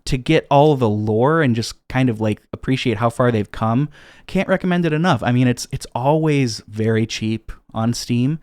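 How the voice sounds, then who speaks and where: A man's voice: medium pitch, normal speed, a little mellow, no echo. A man co-hosting a casual podcast, recapping a game's story with plenty of fillers and restarts. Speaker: podcast co-host.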